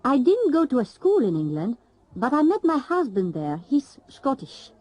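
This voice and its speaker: A woman speaks with an animated, swinging pitch that sits a little high. She delivers a scripted language-lesson monologue in a clear, lively way. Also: normal speed, poor audio. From Italy. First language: Italian. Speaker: learner recounting experience.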